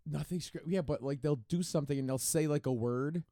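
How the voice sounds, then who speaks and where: Man, fairly high voice, casual podcast chat, dry close sound, laughs while retelling. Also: brisk, dark tone, dry recording. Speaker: podcast co-host.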